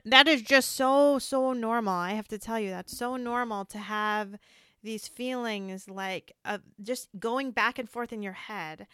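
A woman's voice: fairly high pitch, a little slow, pushed and bright, smooth, no echo, studio quality. A woman hosting a casual, heartfelt conversation, speaking earnestly and reassuringly about grief.

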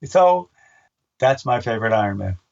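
An older man, a race announcer, chatting in an interview and acting out his own shouts as he tells stories. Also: medium pitch, normal speed, gravelly, distant mic, lo-fi sound. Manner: animated storyteller, acts out his own shouts. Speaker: race announcer and book author. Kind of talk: casual interview chat.

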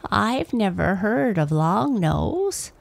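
A woman's voice: mid-range voice, very animated, takes it slowly, creaky, voice pushed up, heavily acted. A woman doing a kindly old hag. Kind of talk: storybook reading.

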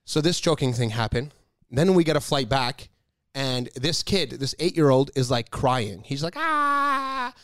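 A man's voice: medium pitch, normal speed, no room sound, studio quality. A man telling a story in casual chat, acting out the people in it and laughing often. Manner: animated, acts out voices of people in his stories, laughs often.

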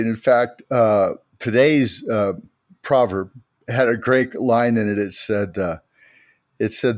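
A man's voice: lowish voice, takes it slowly, no echo, clean studio sound. A middle-aged man from the United States, co-hosting a podcast and telling anecdotes with emphasis. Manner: storytelling, emphatic retelling of anecdotes. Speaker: podcast co-host. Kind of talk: casual faith podcast chat.

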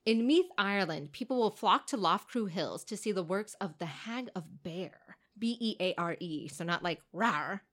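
A woman's voice: medium pitch, expressive, normal speed, hardly any pauses, fairly bright tone. A woman co-hosting a podcast, telling a story in a playful, giggly way and slipping into voices. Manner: playful, giggly, tells stories with put-on voices. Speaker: podcast co-host. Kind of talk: casual comedic chat and storytelling.

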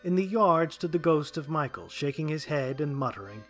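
A man narrating a dark short story in a steady, wry way. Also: on the high side, moderate pace, soft background music.

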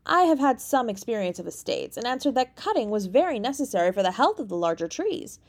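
A woman audiobook reader narrating a classic story in a measured, even way. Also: on the high side, breathy edge. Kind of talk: scripted narration.

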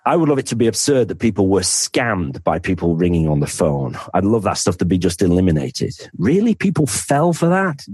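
Husky Northern English man chatting. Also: low voice, lively intonation, brisk, few pauses, a little mellow, no echo. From North of England. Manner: chatty, self-deprecating, laughs easily. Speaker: podcast guest, financial planner. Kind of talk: casual interview chat.

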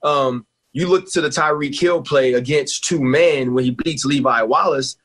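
A man in his forties talking sports on a radio show, emphatic and animated, laughing often. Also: medium pitch, normal speed. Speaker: guest analyst, former player.

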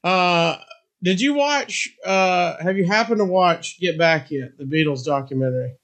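A man's voice: sits high, a little slow, a bit bright. A male interview host asking eager, chummy, curious questions in a casual chat.

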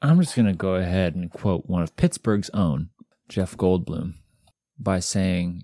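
A man's voice: deep voice, lively intonation, unhurried, warm tone, no room sound, studio quality. A man co-hosting a podcast in casual chat, dropping wry, sarcastic quips. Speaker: podcast co-host.

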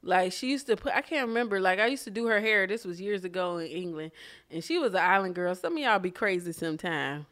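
A woman's voice: mid-range voice, expressive, fast talker, a bit bright. Blunt, laughing woman co-host. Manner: blunt and profane, laughs often. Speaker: podcast co-host. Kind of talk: casual chat.

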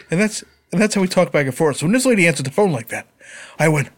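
Male co-host, animated and expressive, profane storyteller who mimics others. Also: high voice, brisk. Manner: swears a lot, acts out voices in stories. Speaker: podcast co-host. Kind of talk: casual chat.

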